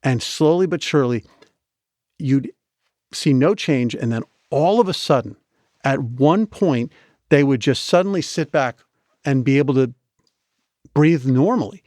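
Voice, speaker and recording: Male guest, animated storyteller, restarts a lot, mid pitch, dry close mic. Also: a little slow, pauses often, no echo. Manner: animated, chatty, with many restarts. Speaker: guest, medical device inventor. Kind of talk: storytelling in a podcast interview.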